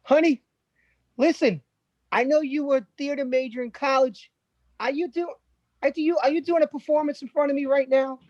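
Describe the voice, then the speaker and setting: A man's voice: extremely high pitch, fairly even intonation, a little fast, darkish tone, no room sound, muffled recording. A man playing a flustered, eager fiancé. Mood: pleading. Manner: eager, placating, stammering restarts. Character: anxious young man, newly engaged boyfriend. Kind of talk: improv scene. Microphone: video call.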